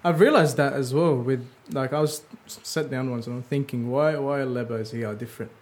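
A man chatting in a relaxed way and often calling the other man bro. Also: medium pitch, brisk. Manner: relaxed, says bro a lot. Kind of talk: casual chat.

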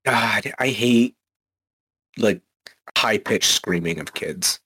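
A man's voice: fairly low pitch, slow, bright, forceful tone, husky. Blunt young man with crude humor. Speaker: podcast co-host. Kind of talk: casual chat.

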